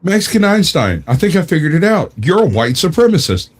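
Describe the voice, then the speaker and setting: Man with a slightly high, animated voice who keeps needling with questions. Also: fairly quick, a little hiss or hum. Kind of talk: casual comedic panel chat.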